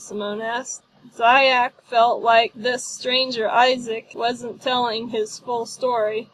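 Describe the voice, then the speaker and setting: Slow, careful woman reading a storybook. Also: a little high, level tone, fairly bright tone, slight background noise, rough recording. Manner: slow, careful reading with light character voices. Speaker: audiobook narrator.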